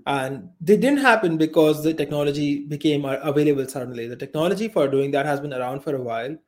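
Higher-voiced man explaining methodically. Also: fast talker, darkish tone. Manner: methodical, explains step by step with examples. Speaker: podcast co-host. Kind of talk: casual podcast debate.

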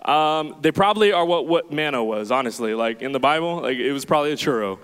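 A young man preaching to a congregation, telling a rambling, self-deprecating story in a chatty, animated way. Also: a little high, fast, clear, resonant tone. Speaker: pastor. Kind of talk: sermon with storytelling. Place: church hall with audience. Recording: reverberant hall.

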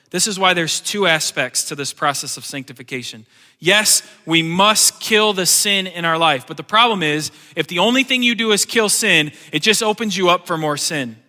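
Bright-voiced male pastor preaching in a reverberant hall. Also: high voice. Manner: animated, swings between loud emphasis and quiet asides; joking asides in plain everyday speech. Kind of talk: sermon. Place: church sanctuary. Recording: long church hall reverb.

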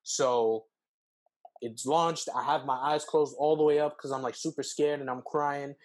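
Young man telling an animated story. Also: a little slow. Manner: animated, acts out quotes with pitch jumps, heavy fillers. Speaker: podcast co-host. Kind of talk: casual storytelling.

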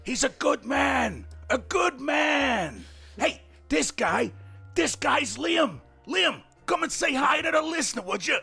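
A man's voice: very high-pitched, expressive, faint music behind, exaggerated voice. A man putting on a crude, swaggering mobster character who welcomes listeners and introduces his boys. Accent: put-on Australian. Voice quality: gravelly, raspy. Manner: slow, growling gangster delivery with shouted bursts. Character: swaggering male mobster doorman, menacing and crude.

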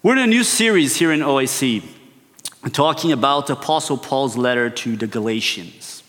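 A man's voice: medium pitch, lively intonation, moderate pace, a bit bright. A male preacher opening a sermon with a conversational, storytelling style, often checking in with his listeners. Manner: storytelling, keeps checking in with "right?". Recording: long hall reverb.

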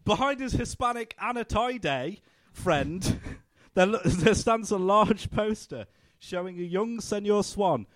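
Man, narrator, comedic table read, lively pitch, dry close mic. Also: measured pace, hardly any pauses, dry recording. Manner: reads along, breaks off laughing at the script. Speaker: narrator reading stage directions.

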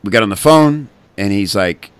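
A man's voice: on the low side, animated, moderate pace, clear, resonant tone, no room sound. A man being interviewed as a guest, telling his story candidly with many fillers and restarts. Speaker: guest, copywriting community founder.

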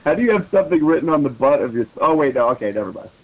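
A man's voice: a little high, animated, racing, dull audio, a crowd in the background. A man guesting on a comedy podcast, reading a story aloud, overacting the quoted lines and giggling.

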